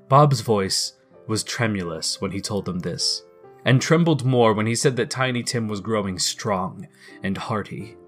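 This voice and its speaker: A man reading a classic story aloud in a measured, expressive way. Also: fairly low pitch, faint music behind. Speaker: narrator. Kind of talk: storybook narration.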